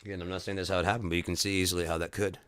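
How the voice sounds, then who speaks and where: A man with a low-pitched, forceful and crisp voice talks on his livestream. He rants with heat and curses freely, often doubling back and restarting his sentences. The sound is dry and close. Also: little pitch movement, rapid-fire, dry recording. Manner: profane, heated ranting; rambling with restarts. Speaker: livestream host. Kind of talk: casual chat.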